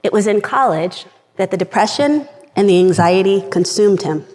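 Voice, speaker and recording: A woman's voice: medium pitch, animated, normal speed, a little mellow. A middle-aged woman giving an earnest personal talk from a script to a live audience. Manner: earnest, reads from a script, gets emotional at times. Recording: long reverb of a large hall.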